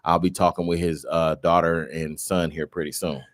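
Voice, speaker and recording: A man's voice: low voice, flat delivery, normal speed, dry recording. A man co-hosting a radio show, talking passionately and casually about his city's community issues. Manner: passionate, fired-up community advocacy.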